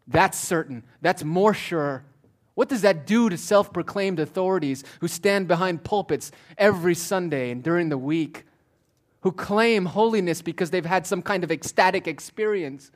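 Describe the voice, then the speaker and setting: A pastor preaching a sermon, moving between forceful declarations and quiet, almost whispered asides. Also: male voice, high-pitched, moderate pace. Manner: swings from loud declaring to hushed near-whispers.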